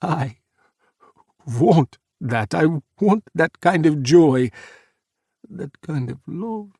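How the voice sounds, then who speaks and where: A man's voice: fairly high pitch, animated, drawn-out words, a little mellow, husky, no room sound, clean studio sound, voice pushed up, full character voice. A man voicing a passionate male president pleading with the one he loves. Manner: pleading, breathless.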